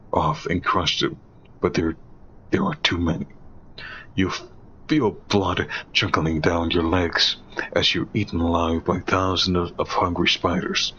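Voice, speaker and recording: A man narrating a second-person horror story in a slow, deliberate, ominous way. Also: sits low, sharp tone, muffled recording, a little hiss or hum.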